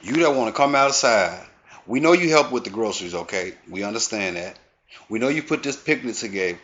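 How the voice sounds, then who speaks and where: A man's voice: lowish voice, lively intonation, brisk, fairly bright tone. A man hosting a comedy video who lectures his listeners in a preachy, repetitive rant. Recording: dull lo-fi sound.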